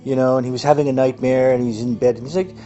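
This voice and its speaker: A man hosting an activist livestream, talking in an excitable, rambling way full of fillers. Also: medium pitch, very fast. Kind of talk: excited casual monologue. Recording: muffled audio with faint music.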